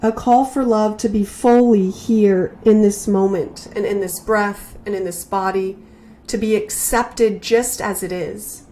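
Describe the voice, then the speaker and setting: A woman hosts a spiritual podcast in a slow, earnest voice. She sits in the middle of the range for pitch and keeps her delivery reflective and heartfelt. She often repeats her phrases as she builds each thought. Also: steady tone, mellow. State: emotional, near tears.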